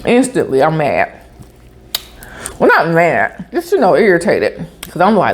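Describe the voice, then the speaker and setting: A woman tells a story in a casual vlog, her pitch swinging up and down as she talks. She is chatty and animated, tossing in endearments like "honey" and "baby" between sentences, in a middle-pitched voice. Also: moderate pace, slight background noise. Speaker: vlogger. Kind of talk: casual storytelling while eating.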